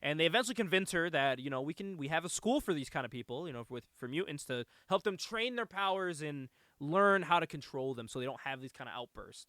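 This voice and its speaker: A man with a high, bright voice recaps a movie in loose podcast chat, his pitch jumping all over the place. He laughs a lot and swears casually, and the sound is dry and close. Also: lively intonation, quick pace, hardly any pauses, dry recording. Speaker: podcast host.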